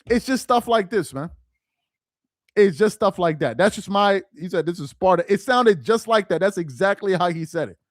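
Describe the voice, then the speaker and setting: A man's voice: high voice, expressive, moderate pace, no room sound, studio quality. A man hosting a live stream, talking in loose slangy commentary and repeating himself for emphasis.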